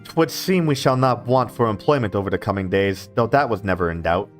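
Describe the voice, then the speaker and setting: A man voicing an earnest young male ally, reading game dialogue in formal, archaic, measured speech. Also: fairly low pitch, soft background music, natural voice.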